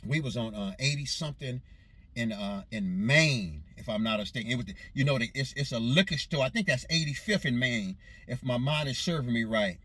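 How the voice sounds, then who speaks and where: A man's voice: mid-range voice, expressive, a little fast, fairly bright tone, husky, no echo. A man from Los Angeles casually recounting childhood memories, meandering and correcting himself as he goes. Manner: meandering, self-correcting recollection in a loose vernacular. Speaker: storyteller recounting his childhood. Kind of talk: casual spoken memoir.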